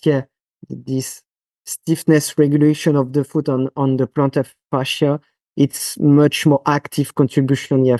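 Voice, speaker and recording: Appearing on a podcast, a French physiotherapist with a French accent answers questions haltingly, using lots of fillers and restarting often. His voice sits at medium pitch and sounds mellow, captured in a dry recording.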